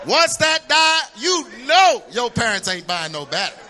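A middle-aged man preaching a sermon, animated and humorous, shouting for emphasis as he tells stories. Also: very high voice, normal speed.

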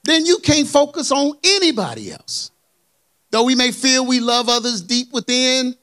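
A man preaching a sermon in a colloquial, animated way, asking the congregation for amens. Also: sits high. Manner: colloquial, dropped verbs and y'all.

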